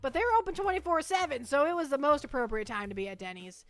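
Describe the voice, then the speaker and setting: A woman's voice: high-pitched, lively intonation, quick pace, soft background music. A young woman chatting casually on a livestream, rambling playfully and restarting her sentences.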